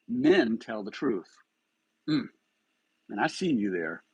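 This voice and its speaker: A man's voice: on the low side, big pitch swings, slow pace, long pauses, breathy edge, no echo, poor audio. A man hosting a live stream of true-crime commentary, agitated and firing rhetorical questions.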